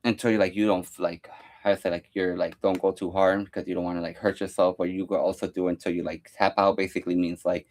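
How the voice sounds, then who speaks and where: A man's voice: deep voice, flat delivery, fast talker, darkish tone. Rambling young man counting workout reps. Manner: loose and rambling, filler-heavy, counting reps aloud. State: out of breath at times. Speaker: fitness vlogger. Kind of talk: casual workout demonstration.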